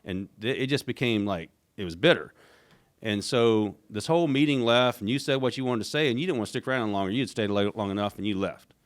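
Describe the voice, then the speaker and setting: A middle-aged man, an interview guest recounting a story in a casual, animated way, acting out what others said. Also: lowish voice, fast talker. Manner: animated retelling, acts out quoted voices, frequent restarts. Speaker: interview guest, former team executive.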